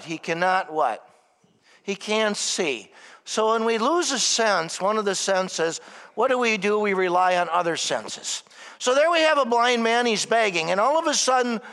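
A man preaching a sermon as pastor, often asking the congregation questions and swinging between loud emphasis and quiet reflection. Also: high-pitched. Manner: asks the congregation questions, rising and falling emphasis. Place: church. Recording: long church reverb.

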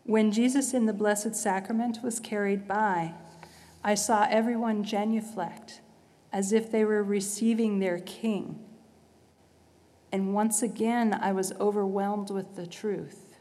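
A woman's voice: medium pitch, fairly even intonation, a little slow, dark tone. A woman giving a sincere, reflective personal faith testimony. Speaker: testimony speaker. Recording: long hall reverb.

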